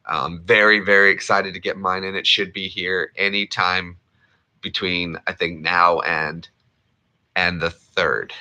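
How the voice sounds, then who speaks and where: A man's voice: low voice, steady tone, measured pace, sharp tone. A man rambling and joking in casual chat while he plays a game, with playful repetitions. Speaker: gaming streamer.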